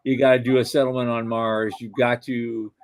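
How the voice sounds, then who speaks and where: An older man co-hosting a podcast, chatting casually in a joking, lively way. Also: mid-range voice, normal speed. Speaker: podcast co-host. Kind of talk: casual chat.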